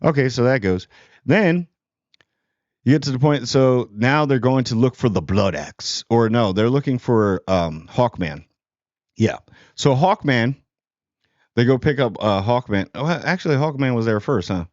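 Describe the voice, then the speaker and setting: A man's voice: mid-range voice, animated, unhurried, dry recording, muffled recording. Sarcastic rambling man reviewing a movie. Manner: rambling and sarcastic, with lots of fillers. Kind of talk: casual spoken movie review.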